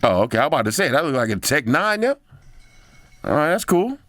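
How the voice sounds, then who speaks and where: A man's voice: a little high, very animated, brisk, a bit bright, no room sound. Slangy, chatty man in a dry room. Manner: slangy and chatty, drops in "yo" and "bro"; loose, thinking aloud with restarts. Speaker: tech video host. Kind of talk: casual commentary while scrolling a phone.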